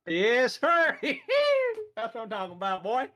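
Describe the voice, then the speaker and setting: A player voicing a cheerful, rough-edged hillbilly adventurer in a tabletop game, with a folksy, playful drawl. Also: medium pitch, big pitch swings, moderate pace, fairly bright tone. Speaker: player character.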